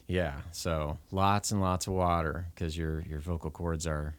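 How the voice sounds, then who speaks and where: A man's voice: low voice, level tone, a little slow, dry recording. A man who sings for a living, chatting casually and laughing often. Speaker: singer and musician. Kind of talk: casual chat.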